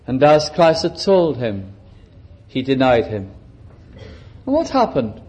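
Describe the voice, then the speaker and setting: A man's voice: medium pitch, huge pitch swings, slow, pauses often, a little mellow, low-quality recording. A man preaching a sermon, dramatic, shifting his pace and acting out quotes for emphasis.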